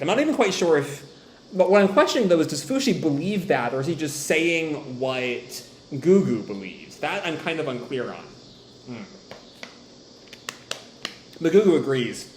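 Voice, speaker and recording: A man's voice: mid-range voice, roomy sound, a little hiss or hum. A man hosting a manga reaction video, reading the chapter aloud and reacting with laughter and tangents. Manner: animated, laughs often, tangents. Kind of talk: casual reading and commentary.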